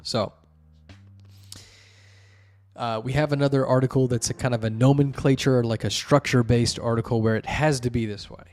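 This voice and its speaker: A man's voice: mid-range voice, fairly even intonation, moderate pace, pauses often, darkish tone, soft background music. A man hosting a show, reviewing wiki articles in casual, rambling commentary full of fillers and restarts. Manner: rambling, many fillers and restarts, explains at length.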